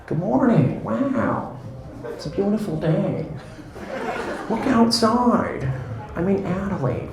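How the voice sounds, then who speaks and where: A man's voice: high voice, echoey room, pitched above the performer's own voice, heavily acted. A man doing a dreamy, wide-eyed celebrity pilot. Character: dreamy laid-back male celebrity pilot, wowed by everything.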